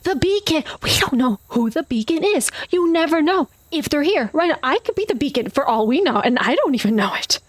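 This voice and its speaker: A woman player speaking in character in a tabletop role-play, playful and quick to laugh. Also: high-pitched, sing-song.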